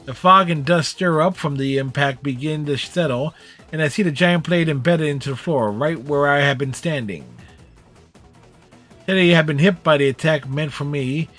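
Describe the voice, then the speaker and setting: A man's voice: on the high side, normal speed, a bit bright, faint music behind. A man streaming a game, reading its story text aloud in the first person with small slips.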